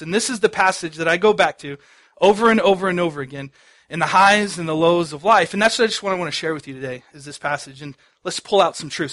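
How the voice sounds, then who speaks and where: A pastor giving a sermon, telling stories in a conversational way with many fillers. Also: male voice, sits high, a bit bright. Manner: conversational storytelling with frequent fillers.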